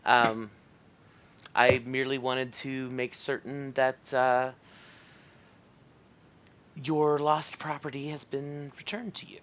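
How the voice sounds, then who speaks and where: A man's voice: medium pitch, little pitch movement, takes it slowly, pauses often, fairly bright tone, dull audio. A man playing a character in a tabletop game, shifting into formal, courtly in-character speech. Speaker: player.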